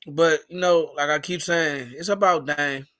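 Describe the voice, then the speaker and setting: A man's voice: on the high side, fairly even intonation, measured pace, sharp tone, no room sound, studio quality. A man calling into a fan stream, rambling through frustrated casual sports talk.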